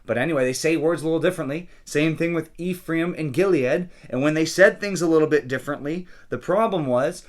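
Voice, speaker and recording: A man's voice: on the high side, a little fast, few pauses. A man, a pastor, casually talking through a daily Bible reading and often checking in with listeners with "okay?" and "right?". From California.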